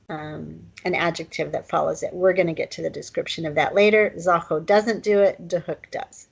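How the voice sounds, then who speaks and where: A woman teacher walks through pronunciation at an unhurried pace, sounding out each word. Her voice sits a little low and has a gravelly fry to it. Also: dull audio. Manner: unhurried explaining, sounding out words slowly. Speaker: language teacher. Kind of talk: recorded language lesson.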